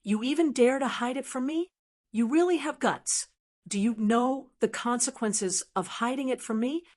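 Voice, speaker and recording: A woman's voice: a little high, normal speed, a little mellow, pitched above the performer's own voice, close to an everyday voice. A woman voicing a stern old man of rank who speaks coldly and gives commands, in an audiobook. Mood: cold anger. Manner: cold, commanding. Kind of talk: audiobook character reading.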